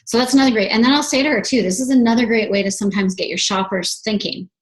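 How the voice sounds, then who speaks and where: A woman's voice: on the high side, fast, rough recording. Woman doing a laid-back sales team training, chatty, keeps tacking "right?" on the end. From Canada. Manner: chatty, ends points with "right?". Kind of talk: casual team training talk.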